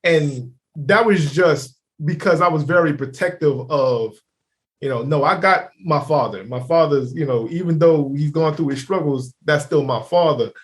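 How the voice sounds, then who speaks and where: This podcast co-host chats casually in a slightly high voice at normal speed. He rambles, uses lots of fillers, and speaks with emphasis.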